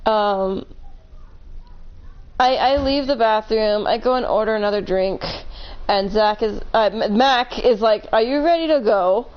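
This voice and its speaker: A woman's voice: mid-range voice, unhurried, pauses often, clean tone, highs cut off. Rambling woman telling a story on stream. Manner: rambling, self-correcting, laughs between points. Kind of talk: casual storytelling on a live stream.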